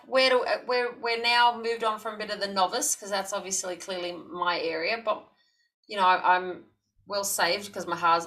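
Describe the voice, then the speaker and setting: A woman's voice: medium pitch, bright, forceful tone. An Australian woman hosting an interview, upbeat and appreciative, joking about being a novice. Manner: upbeat, appreciative, self-deprecating. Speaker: podcast host. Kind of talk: interview questions.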